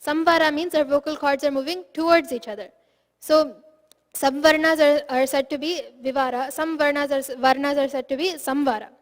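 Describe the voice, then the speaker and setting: A woman's voice: high voice, fairly even intonation, moderate pace, big-room sound. A woman teaching a phonetics class, patiently explaining step by step and sounding out syllables aloud.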